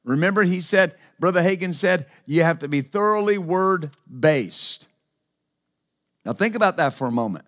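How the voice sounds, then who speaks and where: A man's voice: high-pitched, lively intonation, normal speed, fairly bright tone. A man preaching a sermon as pastor, emphatic and repetitive, with asides to the congregation.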